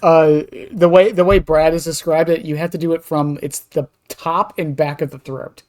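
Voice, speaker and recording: Guest on a podcast, mid-pitch voice, rambling, casual talk. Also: fairly even intonation, a little mellow. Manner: quick, rambling, lots of fillers and restarts. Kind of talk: casual gaming podcast chat.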